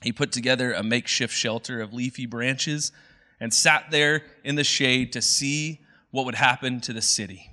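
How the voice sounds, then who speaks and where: A male pastor preaching a sermon in a casual, animated, conversational way. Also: medium pitch, normal speed.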